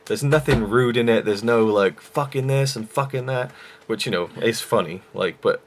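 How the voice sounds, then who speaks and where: A man's voice: mid-range voice, moderate pace, a little hiss or hum. A young man reviewing a film in a rambling, enthusiastic way with many fillers. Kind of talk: casual vlog review.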